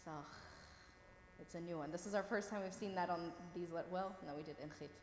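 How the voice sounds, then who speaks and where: This language teacher talks fairly quickly in a fairly low voice, reading words out and checking often that her students are following. Her manner stays patient and encouraging. The recording sounds roomy, with long reverb and faint room noise.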